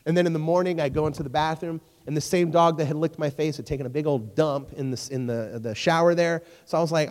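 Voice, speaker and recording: A young man giving a sermon as a youth pastor, telling stories in a joking, animated way and talking straight to his audience. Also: on the high side, quick pace, few pauses. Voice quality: storytelling, jokey and animated, talks to crowd. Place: church hall. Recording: long hall reverb.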